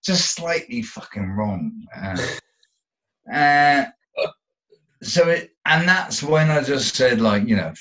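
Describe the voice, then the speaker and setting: As a guest in a candid interview, a man tells his own story, rambling, swearing a lot and restarting often. His mid-range voice is bright and forceful with lively intonation, and he takes it slowly, pausing often. The sound is dull and lo-fi.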